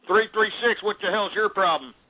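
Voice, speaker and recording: A man's voice: high-pitched, normal speed. A man hosting a call-in radio show, ranting angrily at callers with lots of swearing and stammered restarts. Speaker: radio talk show host. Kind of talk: angry call-in show rant. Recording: lo-fi phone-like audio.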